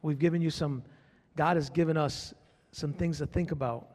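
A man's voice: fairly high pitch, fairly even intonation, normal speed, a little mellow. A male pastor preaches with fervor, driving his points home through repetition and direct call-outs to the church. His voice sits a little above the usual male range. A long reverb from the church hall trails behind every phrase. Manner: fervent preaching, repeats phrases, calls out to the congregation. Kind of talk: sermon.

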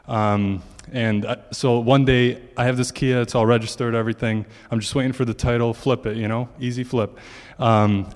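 Chatty low-voiced man telling a story. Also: darkish tone, long reverb tail. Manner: chatty storyteller, quotes his own thoughts. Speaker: congregant giving testimony. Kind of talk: casual spoken testimony.

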